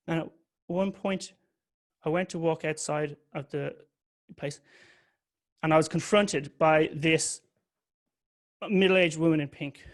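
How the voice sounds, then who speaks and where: A man's voice: fairly high pitch, steady tone, slow, pauses often. A man giving a candid, confessional talk that mixes a personal story with occasional swearing. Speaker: public speaker.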